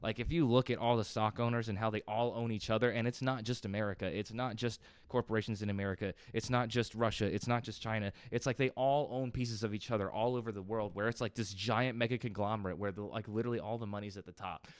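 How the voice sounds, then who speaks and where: An agitated man delivers rambling, profane commentary as a reaction video host. His voice is smooth and resonant at a middle pitch. The sound is dry and close. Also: fairly even intonation, fast, few pauses, no echo. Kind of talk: heated ranting commentary.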